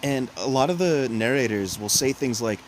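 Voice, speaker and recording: Animated, rambling podcast co-host. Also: mid-range voice, moderate pace, slight background noise, rough recording. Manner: animated, rambling, with frequent restarts and sarcastic asides. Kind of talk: casual chat.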